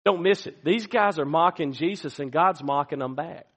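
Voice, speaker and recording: A man preaching a sermon as pastor, swinging from hushed to loud. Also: fairly high pitch, normal speed. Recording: long reverb of a large hall.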